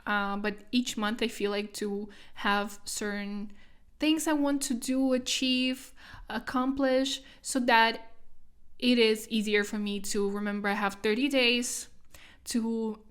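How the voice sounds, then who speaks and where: A woman's voice: fairly high pitch, fairly even intonation, slow pace, clean tone. A young woman hosting her own solo podcast, talking in a chatty, rambling way with lots of fillers; her first language is Russian. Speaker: podcast host. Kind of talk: solo casual podcast chat.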